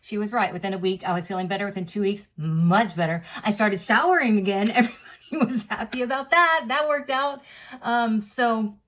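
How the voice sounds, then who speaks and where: A woman's voice: medium pitch, a little fast, fairly bright tone. Chatty woman telling a personal story. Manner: chatty and unpolished, full of fillers and reenacted dialogue. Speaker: vlogger. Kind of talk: candid personal storytelling to camera.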